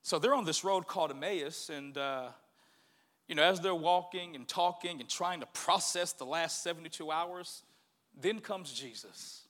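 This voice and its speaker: A male pastor preaching a sermon, animated and swinging from hushed to loud. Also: a little high, normal speed.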